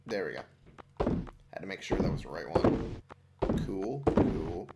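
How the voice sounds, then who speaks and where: A man muttering casual commentary to himself while playing a game, now and then breaking into sudden excited yelps. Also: deep voice, a little slow, vocal fry. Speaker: let's play gamer. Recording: noisy home recording.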